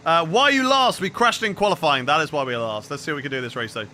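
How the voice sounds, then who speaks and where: A man from the UK streaming a racing game live, chatty and excitable, reading his chat aloud as he commentates. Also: fairly high pitch, fast talker, hardly any pauses, slight background noise. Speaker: gaming streamer.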